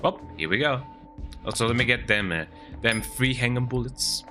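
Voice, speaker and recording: A man streams a video game from his home computer, chatting casually in a mid-range, expressive, bright voice with a forceful tone at normal speed. He rambles and tags sentences with "eh?" while faint music plays behind him.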